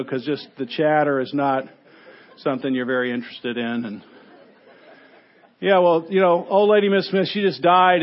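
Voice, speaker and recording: A man pastor delivering a sermon, telling stories animatedly and moving between quiet points and loud exclamations. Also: medium pitch, muffled recording.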